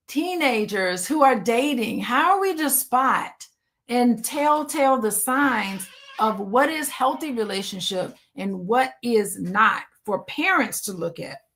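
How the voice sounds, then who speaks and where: A woman therapist hosting a live-streamed interview, talking lively and casually with frequent laughs and relaxed slang. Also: sits high. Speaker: therapist and host.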